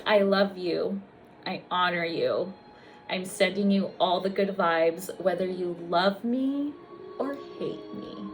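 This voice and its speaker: Woman nurse from the US, venting straight to camera, foul-mouthed, teary, soft music behind. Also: lowish voice, slow pace. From United States. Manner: emotional, profane, blunt. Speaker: registered nurse and vlogger. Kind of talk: raw personal vlog monologue.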